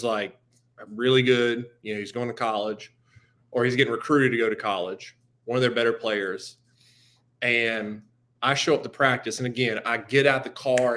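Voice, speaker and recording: A man appearing as a guest sports reporter in casual talk, chatty and quick to laugh through his anecdotes. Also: mid-range voice, a bit bright.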